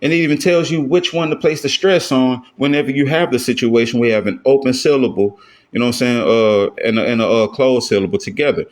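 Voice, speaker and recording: Going at a quick pace, this mid-range male voice teaches Hebrew grammar he learned on his own. The lesson is casual and step by step, with frequent check-ins like "you know what I'm saying?" as he talks it through loosely.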